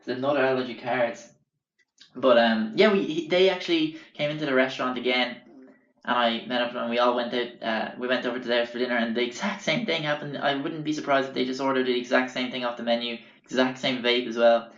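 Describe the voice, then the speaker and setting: A young man telling a story in a rambling, swear-filled way, full of fillers and restarts, at a middle pitch. He sounds like he is in a roomy space. The recording is a bit dull. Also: fairly even intonation, fast talker, a bit bright. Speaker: podcast host. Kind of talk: casual storytelling.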